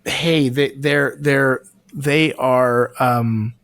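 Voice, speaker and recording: A man's voice: mid-range voice, steady tone, extremely slow, a bit bright, no room sound, clean studio sound. A man co-hosting a podcast, talking things through in an earnest way and searching for his words. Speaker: podcast co-host. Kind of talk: casual podcast discussion.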